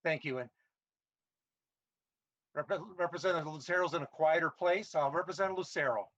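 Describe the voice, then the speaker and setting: A man's voice: on the high side, fairly quick, a bit bright. A man chairing a committee hearing, polite and procedural, guiding members through the agenda. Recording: slightly dull remote call audio.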